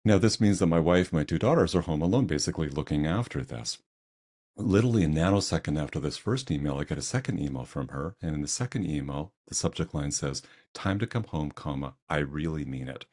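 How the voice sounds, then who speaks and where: Older male presenter, very deep voice, conversational storyteller. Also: animated, fast talker, a little mellow. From Canada. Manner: conversational, self-deprecating storyteller. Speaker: webinar presenter.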